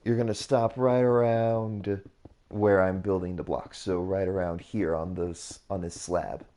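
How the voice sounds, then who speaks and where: A man's voice: sits low, steady tone, a little slow, mellow. A man hosting his gaming channel, talking through a build tutorial in a rambling, repetitive way, often correcting himself. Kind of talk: casual build tutorial commentary.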